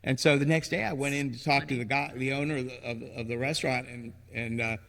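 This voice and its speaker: A man who founded a ministry, guesting on a podcast and telling rambling, animated stories, often acting out what people said. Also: mid-range voice, fast. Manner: rambling, animated storyteller who acts out quotes. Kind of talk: casual storytelling interview. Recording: long reverb, hall-like room.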